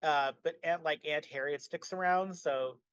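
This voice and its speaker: A man with a somewhat high voice chats casually as a podcast co-host. He talks animatedly and leans on "like" between thoughts. The recording sounds a bit dull and lo-fi, with no room echo. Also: moderate pace, clear, resonant tone. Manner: animated, frequent "like" fillers.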